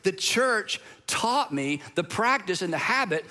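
High, bright-voiced man preaching. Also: sing-song, unhurried. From southern United States. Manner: earnest, conversational storytelling with restarts. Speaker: pastor. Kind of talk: sermon.

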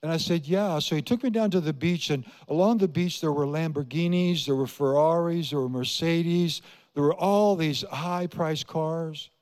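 Preaching at normal speed, an older Iowa pastor speaks in a slightly high, somewhat mellow voice from a church sanctuary. He hammers home his points through repetition and questions to the congregation, and the spacious hall gives a long reverb.

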